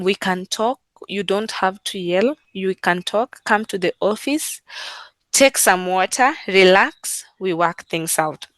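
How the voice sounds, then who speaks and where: A woman in client service talks casually and unhurriedly about her work practice, using many fillers and repeating phrases. Her voice is medium-pitched with a fairly bright tone, and the recording is dry.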